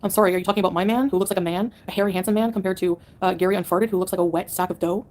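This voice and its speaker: Fast-talking woman ranting sarcastically. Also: on the low side, fairly even intonation, darkish tone. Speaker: livestreamer answering chat. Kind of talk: live-stream rant to chat.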